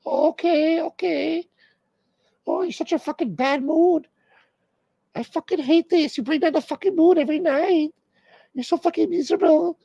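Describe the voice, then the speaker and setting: Shrill nagging movie-star wife. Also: male voice, moderate pace, vocal fry, pauses often, mellow, no room sound, lo-fi sound. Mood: nagging, scolding. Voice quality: shrill high falsetto. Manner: whiny, scolding. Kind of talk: comedic impression in a rant.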